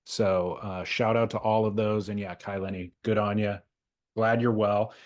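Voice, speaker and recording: A man's voice: lowish voice, little pitch movement, normal speed. A man co-hosting a podcast in casual chat, chatty and a little pedantic. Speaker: podcast co-host.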